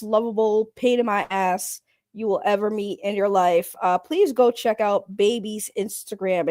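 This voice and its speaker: A woman's voice: medium pitch, mellow, no room sound, clean studio sound. A woman hosting a livestream in casual, rambling chat. She is blunt and joking and swears freely as she greets her viewers. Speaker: livestream host.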